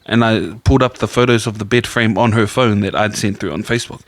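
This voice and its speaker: A man's voice: fairly low pitch, steady tone, fast talker, no echo. Rambling New man telling stories. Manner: rambling anecdotal storyteller, quotes people in his own voice. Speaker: podcast co-host. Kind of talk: casual chat.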